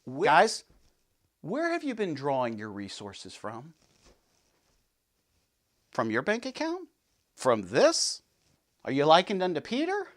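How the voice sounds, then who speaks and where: A man hosting a men's ministry show, preaching a devotional with rhetorical questions, swinging between loud and hushed. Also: a little high, wildly swooping pitch, takes it slowly, pauses often. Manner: peppers talk with "you know what I'm saying" and "okay"; asks listeners rhetorical questions.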